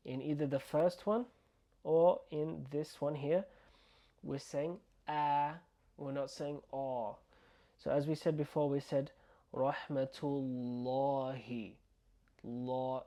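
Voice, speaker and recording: A patient man teaching an online Arabic pronunciation lesson. His voice is mellow and warm, and his pitch sits in a middle register. He drills words over and over, drawing the sounds out slowly.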